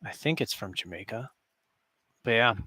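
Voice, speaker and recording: A man's voice: mid-range voice, lively intonation, moderate pace, sharp tone, no echo, clean studio sound. A man casually chatting and joking with his stream viewers from his basement, rambling with frequent chuckles. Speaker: live streamer. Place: basement room with a cardboard backdrop.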